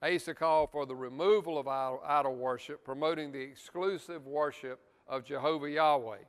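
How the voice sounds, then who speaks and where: In a church, a man teaches a Bible study lesson in a fairly high, steady, smooth voice, speaking briskly with a big-room sound. He's earnest, emphasizes key words, and adds asides to the class.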